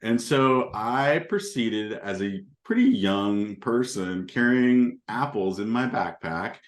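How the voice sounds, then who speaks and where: A man's voice: fairly low pitch, lively intonation, slow. A middle-aged man on a panel, telling casual anecdotes in an easygoing way and chuckling between points. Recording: roomy echo.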